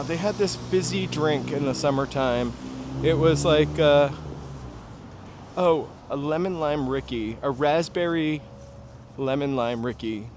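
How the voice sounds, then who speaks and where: A man from New Hampshire hosting a casual walking livestream outdoors at night, rambling through nostalgic stories and talking to viewers. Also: fairly high pitch. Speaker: livestream host. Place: outdoors on a city street at night. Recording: street traffic noise behind. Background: passing cars and city ambience.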